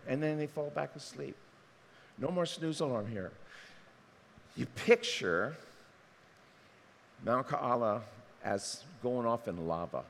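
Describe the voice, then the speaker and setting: Pastor guy preaching, acts out little voices, big echoey hall. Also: a little high. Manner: animated, acts out quoted voices. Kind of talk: sermon.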